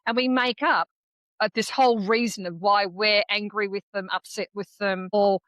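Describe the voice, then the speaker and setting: A woman speaks in a calm, reflective way as a podcast co-host. Her voice sits at a medium pitch. The sound is dry and close. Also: moderate pace, no room sound. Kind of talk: casual chat.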